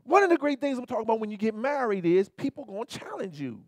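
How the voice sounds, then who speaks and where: High-voiced man preaching a lively sermon. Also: fast talker, no echo. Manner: animated, colloquial preaching with repeated asides to the listeners. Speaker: pastor.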